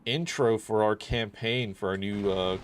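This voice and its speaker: A man's voice: on the low side, steady tone, unhurried, slight background noise. Rambling, swearing male game streamer. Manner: rambling, profane, many fillers. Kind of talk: casual chat while gaming.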